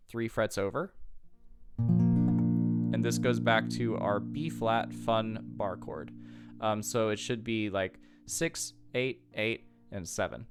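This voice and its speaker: A man giving a casual guitar tutorial, patiently walking through chords and counting beats aloud. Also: lowish voice. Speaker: guitar teacher. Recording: loud guitar music underneath. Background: guitar playing.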